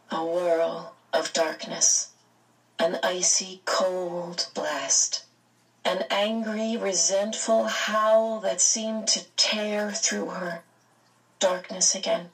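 A woman narrating a storybook aloud in a slow, expressive reading. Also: medium pitch, distant mic, low-quality recording. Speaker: audiobook narrator.

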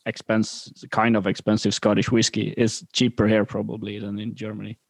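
A man speaking English as an in casual chat, halting and repeating words. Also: lowish voice, completely flat delivery, creaky, dry recording. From Norway.

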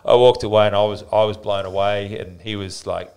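A deep-voiced man in his forties, chatting as a podcast guest. He tells stories in a rambling, lively way, restarting his sentences often. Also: fairly quick, smooth. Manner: rambling, animated storyteller with frequent restarts. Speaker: podcast guest, fitness business owner. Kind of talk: casual interview storytelling.

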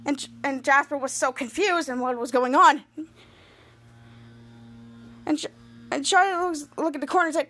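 A woman with a high voice casually recaps a TV episode on her podcast. She retells the scenes in long chains of "and then," and often breaks off to restart a sentence. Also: fairly quick, pauses often, a bit bright. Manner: retells scenes with frequent restarts and quoted lines. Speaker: podcast host.

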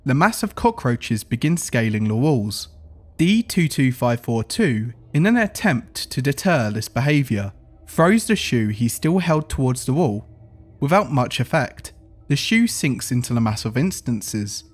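A man giving scripted horror narration in an even, report-like reading style. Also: medium pitch, a little slow.

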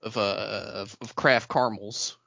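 A man's voice: lowish voice, fairly even intonation, a little slow, vocal fry, pushed and bright, dry recording, muffled recording. A young adult man in casual chat, telling a rambling story with many "um"s and "uh"s. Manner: rambling anecdote, hesitant with "um" and "uh".

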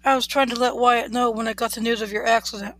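A woman's voice: fairly high pitch, little pitch movement, fast talker, fairly bright tone, dry recording. A woman reading the part of a pregnant young woman torn between two brothers, in an earnest, pleading way.

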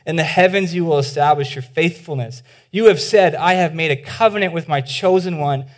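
A man preaching a sermon as pastor, earnest and conversational with many restarts, dropping to a hushed voice for appeals. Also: fairly high pitch, brisk. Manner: drops to a soft, hushed voice for appeals.

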